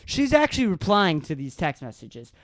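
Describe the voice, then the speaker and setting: A man hosting a solo podcast, casually telling a story with frequent laughter and halting restarts. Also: sits high, wildly swooping pitch, no echo, clean studio sound. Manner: amused, often breaks into laughter while retelling. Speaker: podcast host.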